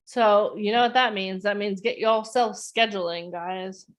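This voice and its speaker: A woman's voice: mid-range voice, steady tone, unhurried. A woman hosting and coaching on a live online event, enthusiastic and encouraging.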